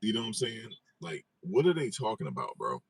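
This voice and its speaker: A man with a deep voice talks straight to his audience in a casual commentary vlog. His voice is husky and dry, with no room sound around it, and he keeps repeating his own phrases in disbelief. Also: wildly swooping pitch, brisk, no echo. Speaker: online commentator.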